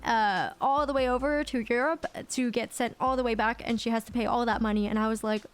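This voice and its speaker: A woman streamer telling a story in a casual, animated, dramatic way, swearing a lot. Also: a little high, a little fast, soft background music.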